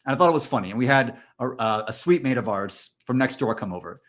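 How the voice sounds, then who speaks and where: A man co-hosting a candid podcast conversation, telling stories in a loose, animated way with plenty of fillers. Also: medium pitch, fast talker. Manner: storytelling, animated, frequent fillers. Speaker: podcast co-host.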